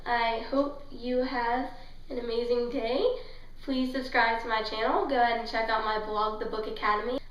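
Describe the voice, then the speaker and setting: A woman with a fairly high voice gushes through a casual book-review vlog. She rambles with plenty of fillers and sounds emotional throughout. The sound is roomy, as if she sits a little back from the mic. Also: steady tone, normal speed, a bit bright, distant mic. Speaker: book vlogger.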